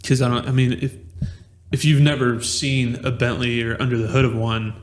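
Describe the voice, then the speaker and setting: A man hosting a relaxed podcast conversation with a medium-pitched voice. He talks in an easygoing way and keeps asking curious follow-up questions. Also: normal speed. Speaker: podcast host. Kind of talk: casual chat.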